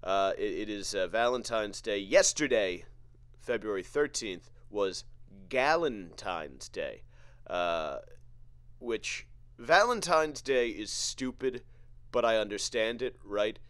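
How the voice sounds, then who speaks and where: A man hosting a podcast, delivering a profane, sarcastic comedic rant full of halting restarts. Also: on the low side, animated, a bit bright, clear, resonant tone, no room sound. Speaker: podcast host.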